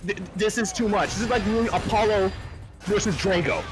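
A man giving excited live stream commentary on a fighting game tournament, exclamatory and quick to laugh. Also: high-pitched, music in the background. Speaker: esports commentator.

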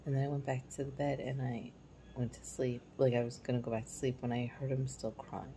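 A woman in her forties telling a personal parenting story in a candid, reflective way, sometimes dropping to a soft hush. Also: extremely low pitch, level tone, brisk, slight background noise, poor audio. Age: 40s. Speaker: parenting vlogger.

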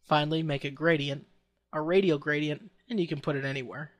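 A man with a voice pitched a little above the usual narrates a software tutorial step by step. He talks in an easygoing way, with a few fillers. The sound is close and dry, with no room around it. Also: a little fast, no echo. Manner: relaxed step-by-step instruction with occasional fillers. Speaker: tutorial host. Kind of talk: screen-recorded software tutorial.

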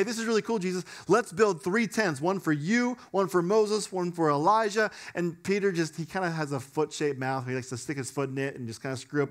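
Conversational, animated young male preacher. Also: on the high side. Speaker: pastor. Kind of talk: sermon.

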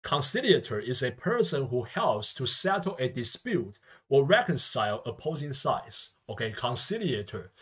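A man's voice: mid-range voice, a bit bright. Man teaching vocabulary with constant okay tags. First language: Mandarin. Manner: peppers speech with constant "okay" and "yeah" tags. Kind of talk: vocabulary lesson lecture.

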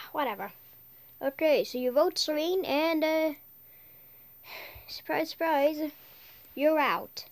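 High-voiced woman in bickering cartoon banter. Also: slow, long pauses. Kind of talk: amateur cartoon voice acting.

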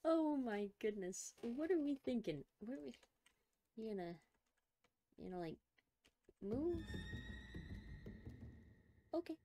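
A woman's voice: on the high side, expressive, slow pace, pauses often, dark tone, slight background noise. A young woman streamer playing a scary game, talking to herself in a jittery way and swearing often. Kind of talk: let's play commentary.

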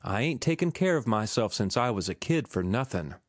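A man voicing a devoted, defiant young working-class woman who pleads softly and earnestly in an audiobook. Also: lowish voice, big pitch swings, a little fast, dry recording, studio quality.

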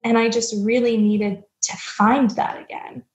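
A young adult woman who founded a stepmom platform speaks as a guest on a candid podcast interview. Her voice is a little high with a flat delivery and a measured pace. She's earnest and reflective, a bit self-deprecating about her stepmom experience, and the remote audio is dull and lo-fi.

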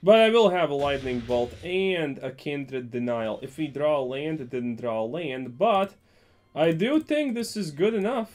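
Young man, card game commentary, sarcastic banter, animated pitch, fairly high voice. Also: a little slow. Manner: joking, sarcastic rambling. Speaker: gaming YouTuber. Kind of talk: gameplay commentary.

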